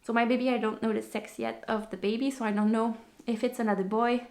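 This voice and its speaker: A breathless woman chats casually on her podcast in a slightly high, slightly mellow voice, keeping a level tone at a quick pace. As host she rambles, full of fillers and restarts.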